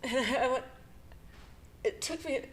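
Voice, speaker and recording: Speaking in a voice that sits high, a middle-aged podcast co-host recounts a painful story from her life, halting and emotional and punctuated by nervous laughter.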